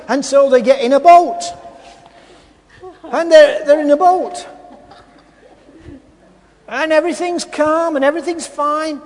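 Man, preacher, sermon, very high voice, long hall echo, repetitive, asks rhetorical questions. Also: moderate pace, long pauses, a little mellow.

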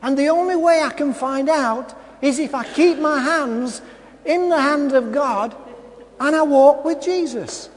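A man's voice: very high-pitched, unhurried. A man preaching a sermon. He repeats his phrases and asks the congregation rhetorical questions. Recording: long hall reverb.

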